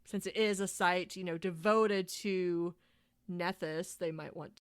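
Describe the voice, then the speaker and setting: A young woman chatting as a player in a tabletop game, joking and quick to laugh. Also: fairly low pitch, fairly even intonation, smooth, dry recording, clean studio sound. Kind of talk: casual tabletop chat.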